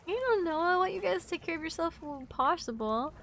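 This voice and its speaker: A young woman from Wisconsin chatting on a live gaming stream, sick and sleepy, scattered and chatty with sudden loud outbursts. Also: extremely high pitch, animated, a little fast, a little hiss or hum. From Wisconsin, USA. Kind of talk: casual live-stream chat while gaming.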